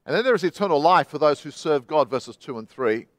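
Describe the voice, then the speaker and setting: Delivering a sermon, an Australian pastor reads with drama and expression, his pace and loudness shifting from quick to slow and booming to hushed. His voice is slightly higher than typical for a man, recorded dry and close with no room sound.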